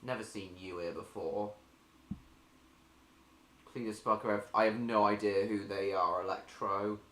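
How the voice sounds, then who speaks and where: A man's voice: on the low side, steady tone, unhurried, a bit bright, roomy sound, a little hiss or hum. A man hosting a casual live stream, reading viewer messages aloud and answering them.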